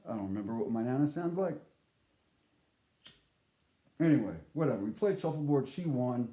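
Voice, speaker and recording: A man telling a comic story to camera in a rambling, halting, deadpan way. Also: medium pitch, roomy sound.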